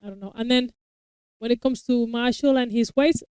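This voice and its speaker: A woman's voice: fairly high pitch, moderate pace, warm tone, clear, resonant tone, dry recording, low-quality recording. A woman, a parent of young children, chatting casually and explaining her views at length, often restarting her sentences. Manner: long talkative explanations with frequent restarts. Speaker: co-host reacting to a TV episode. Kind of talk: casual chat.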